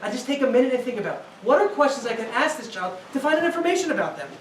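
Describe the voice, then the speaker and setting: A high-voiced man in his thirties delivers a lively parenting lecture as a rabbi, often laughing and acting out voices. He sounds a little distant from the mic, and the room echoes around him. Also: racing. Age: 30s. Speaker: rabbi, guest speaker. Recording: roomy, from a distance, faint noise.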